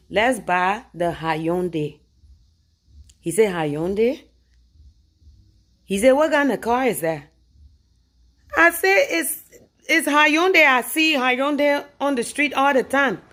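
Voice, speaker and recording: A woman with a Liberian English accent tells a comic anecdote straight to the listener. Her voice sits at an ordinary middle pitch, then climbs higher and louder whenever she insists she is right. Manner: animated, rising loud and high when arguing her point. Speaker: storyteller. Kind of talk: comic anecdote told to camera.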